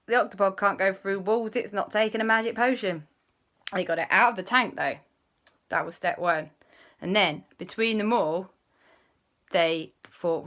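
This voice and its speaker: A woman hosting a children's show, telling a story in a lively, animated way with gasps and sound effects. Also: mid-range voice, normal speed.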